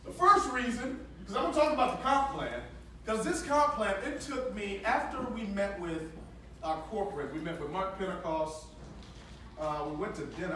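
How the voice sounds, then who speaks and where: A man giving an energetic, preacher-like motivational talk at a sales training, leading call-and-response and joking with the audience. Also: high-pitched. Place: large hall with a live audience. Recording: echoey hall with crowd noise, from far off.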